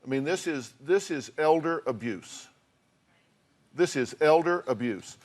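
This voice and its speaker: Speaking a little slowly in an expressive, slightly high voice, an older Southern American talk show host gives confrontational advice. He scolds his guests bluntly and reads out their costs and figures.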